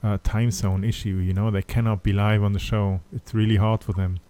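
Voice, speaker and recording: A man's voice: lowish voice, little pitch movement, a little fast, dark tone, smooth. A man with a German accent hosting a podcast in casual chat, hesitant with many fillers and restarts. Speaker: podcast host.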